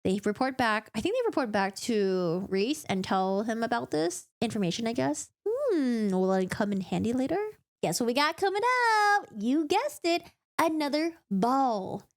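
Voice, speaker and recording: A woman vlogger giving a casual, dramatic book recap in an animated storytelling manner. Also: fairly high pitch, moderate pace, few pauses.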